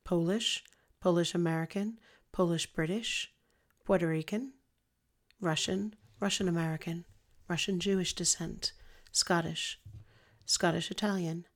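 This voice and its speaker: A woman reading an informational text in a scripted, even, list-like way. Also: lowish voice, unhurried, pauses often.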